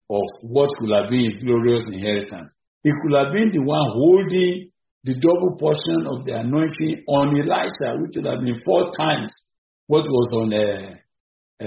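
Gravelly preacher man in an echoey room. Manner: emphatic, repetitive preaching with sudden rises in pitch and volume. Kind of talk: evening sermon. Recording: echoey, dull-sounding room recording.

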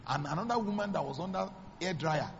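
Nigerian pastor telling a story in a hall. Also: male voice, lively intonation, fast, creaky, dull audio, slight background noise. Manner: dramatic storytelling, acting out dialogue with sudden high exclamations. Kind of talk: sermon storytelling.

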